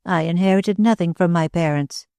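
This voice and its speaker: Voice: mid-range voice, moderate pace, clean tone, no room sound, natural voice. A narrator voicing a proud, bitter young woman. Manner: steady and bitter. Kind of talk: audiobook character reading.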